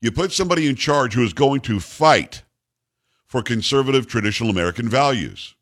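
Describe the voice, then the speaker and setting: A male talk radio host speaking in an emphatic, ranting monologue. His voice sits mid-range but swings widely with lively intonation, punching out rhetorical questions and demands. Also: mid-range voice, brisk, breathy edge.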